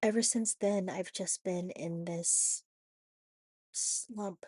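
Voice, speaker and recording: A woman with a raspy voice from a cold, talking haltingly in a personal confessional vlog with many restarts and "you know"s. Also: on the low side, steady tone, a little mellow, no echo, clean studio sound. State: hoarse from a cold. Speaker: vlogger.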